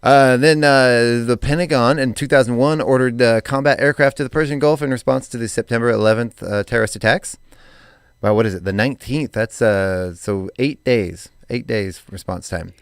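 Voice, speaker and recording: A man's voice: mid-range voice, normal speed, clean tone, no echo. A man co-hosting a morning radio show, reading daily items with chatty asides in a studio. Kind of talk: casual radio chat. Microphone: studio mic.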